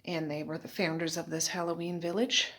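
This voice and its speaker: A woman with a slightly low voice talks easily to the camera from her home. She narrates her housework in a chatty, running commentary, as if talking to herself. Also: level tone, brisk, a bit bright. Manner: chatty, talking to herself while doing chores. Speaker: vlogger. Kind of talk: casual vlog narration. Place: at home indoors.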